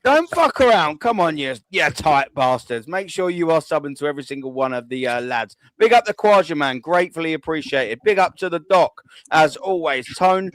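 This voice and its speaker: Rowdy, higher-voiced male host. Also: expressive, normal speed, hardly any pauses, no echo. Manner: loud and boisterous, swearing freely. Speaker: host of a live fan show. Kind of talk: casual live-stream shout-outs.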